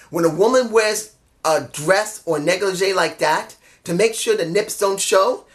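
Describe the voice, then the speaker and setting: A man giving a casual solo review of a wrestling show, rambling and excitable, often losing track of names. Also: high-pitched.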